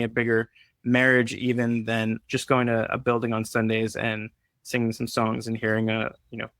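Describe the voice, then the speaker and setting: An easygoing podcast co-host rambles through an unscripted live-stream chat, cracking small jokes along the way. His mid-range, medium-pitched voice is a bit bright and clean. The sound is dry and close, with no room echo.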